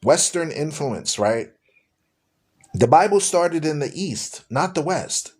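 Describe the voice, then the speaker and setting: A man's voice: fairly high pitch, lively intonation, slow pace, darkish tone, slightly rough. A man hosting a live-streamed religious talk show, speaking to his listeners in a preachy, repetitive way. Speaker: radio show host.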